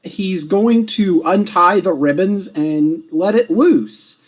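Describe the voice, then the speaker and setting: Deadpan, slightly high-voiced male player. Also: slow, rough recording. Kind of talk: tabletop role-play chat.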